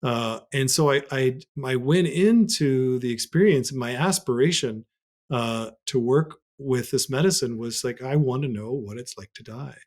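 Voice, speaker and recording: A man speaks as a podcast guest, recounting a personal experience in an earnest, reflective way. His voice sits at an ordinary pitch for a man and jumps high when he acts out a moment. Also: measured pace, a little mellow. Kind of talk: personal storytelling in conversation.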